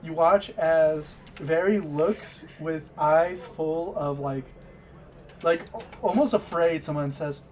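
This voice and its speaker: A man narrating a tabletop game as game master, halting and restarting as he describes the scene. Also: a little high, darkish tone, a little hiss or hum.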